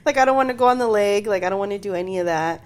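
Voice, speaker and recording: A young woman co-hosting a podcast, excitedly telling a story and saying "like" and "literally" a lot. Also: mid-range voice, very fast. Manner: excitable, laughing, repeats "like" and "literally". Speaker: podcast co-host. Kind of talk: casual storytelling chat.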